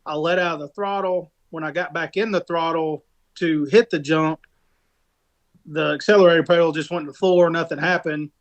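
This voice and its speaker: A man's voice: fairly high pitch, steady tone, moderate pace, highs cut off. Rambling man telling a race story. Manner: rambling storytelling with many restarts. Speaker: podcast co-host and rock racer. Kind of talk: casual podcast chat.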